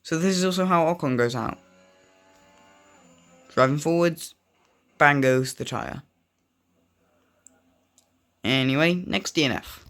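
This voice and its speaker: A man's voice: on the high side, takes it slowly, long pauses, a bit bright. A young man giving casual, rambling commentary over racing game footage, often drifting off on tangents. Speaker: gaming video creator.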